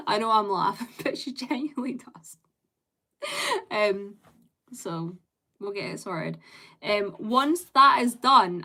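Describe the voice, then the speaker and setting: A woman's voice: mid-range voice, a bit bright. Young woman livestreaming, chatty and rambly, lots of likes and ums, laughs a lot. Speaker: live streamer. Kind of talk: casual chat with live viewers.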